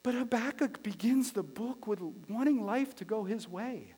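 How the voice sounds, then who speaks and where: High-voiced preaching man in a reverberant hall. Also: normal speed, husky. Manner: conversational preaching that swings from loud emphatic lines to quiet, hushed ones; repeats phrases for emphasis. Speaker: pastor. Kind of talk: sermon. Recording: long reverb of a large hall.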